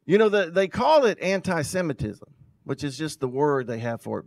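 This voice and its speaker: A male pastor preaching a sermon, reading scripture aloud and explaining it with emphatic swells in loudness. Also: a little high, big pitch swings, normal speed, vocal fry, no room sound. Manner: loudness rising and falling sharply for emphasis.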